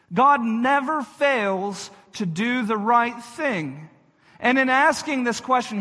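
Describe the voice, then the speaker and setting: Man pastor, earnest sermon, slow and deliberate, speaks right to the congregation, echoey hall. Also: very high-pitched, pushed and bright. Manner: earnest, repeats phrases for emphasis, addresses listeners directly.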